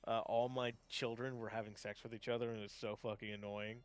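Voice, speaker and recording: A man chatting casually on a live gaming stream, rambling with lots of fillers and restarts, laughing often and getting excited. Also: on the low side, fast, clear, resonant tone. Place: home setup, gaming stream.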